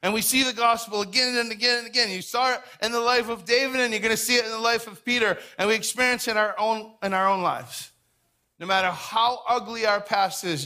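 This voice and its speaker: Pastor guy giving a sermon, high bright voice, animated, acts out little dialogues. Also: fairly quick. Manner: animated, acts out quoted voices, repeats words.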